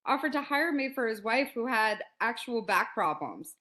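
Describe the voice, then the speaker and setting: A woman in her forties, a podcast guest telling a story in a lively, casual way and acting out quotes. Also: fairly high pitch, normal speed. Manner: animated, laughs often, acts out quotes.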